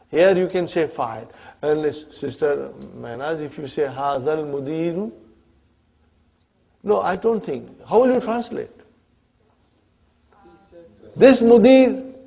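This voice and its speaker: A man's voice: fairly high pitch, unhurried, gravelly, long pauses, a little mellow, slightly rough, dull audio. A man teaching an Arabic grammar class to adult students, often stopping to check in with "huh?" and "brothers and sisters". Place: community centre classroom.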